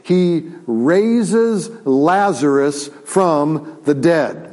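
A man's voice: animated, very slow, a little mellow. A male pastor preaching a sermon, retelling a story with many restarts and fillers. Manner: acts out quotes with rising pitch and volume.

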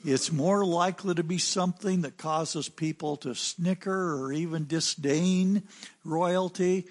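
An American man preaching a sermon, telling a story in an unhurried anecdotal way with some fillers. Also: a little high. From United States.

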